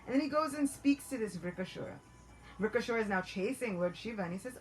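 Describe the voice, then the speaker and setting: A woman narrating a devotional story in an animated, expressive way. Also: a little high, fast talker, soft background music, rough recording.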